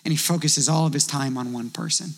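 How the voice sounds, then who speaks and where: A man preaching a sermon in a conversational, animated way, telling stories and quoting voices as he goes. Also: a little high, a little fast, big-room sound. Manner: conversational, animated storytelling with acted quotes. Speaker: pastor.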